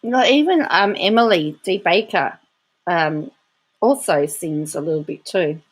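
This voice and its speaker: A woman's voice: on the low side, lively intonation, measured pace, slightly rough. A woman hosting casual reaction commentary, laughing often as she talks. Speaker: commentary host.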